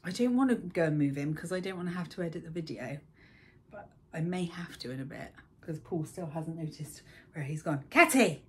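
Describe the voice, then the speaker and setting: A young woman talks through her knitting in a casual, gushing way, full of ums and a little out of breath. Her voice sits on the low side, with a faint hum of the room behind her. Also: a little fast, mellow. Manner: chatty, gushing, with frequent ums. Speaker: knitting vlogger. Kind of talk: casual chat. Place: baby's room at home.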